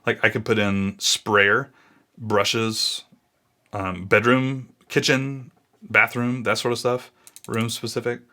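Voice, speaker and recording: A man's voice: lowish voice, flat delivery, slow pace, bright, forceful tone. A man in his thirties thinking aloud in a casual, easily sidetracked way as he walks through a screen recording. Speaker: blogging YouTuber.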